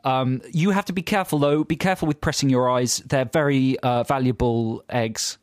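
A man's voice: medium pitch, moderate pace, no echo, studio quality. A man co-hosting a podcast, wry and teasing in casual chat. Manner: wry, teasing, laughs often. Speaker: podcast co-host.

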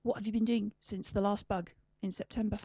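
A woman's voice: mid-range voice, steady tone, brisk, dark tone, slightly rough, no echo. A woman interviewer asking questions in a casual, playful, teasing way. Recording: slightly muffled dry recording.

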